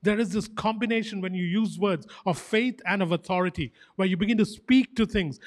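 In a fairly quick, high-pitched male voice, a pastor gives a fervent, animated sermon. Short phrases come again and again as he insists on each point with emphasis.

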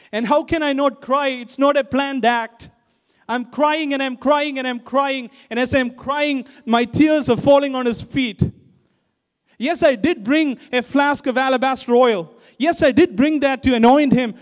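A weeping, repentant woman pours out her devotion, as a male preacher speaks in her voice. The voice sits high and is raised and earnest, with phrases repeated again and again. Long reverb from a large hall trails each line. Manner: fervent first-person retelling, repeating phrases.

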